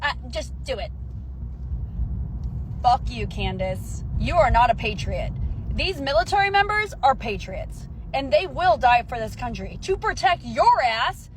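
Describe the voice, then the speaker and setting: A woman's voice: big pitch swings, slight background noise. A woman who calls herself a military mom, delivering an angry, profane vlog rant. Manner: profane, heated, rapid shifts in pitch.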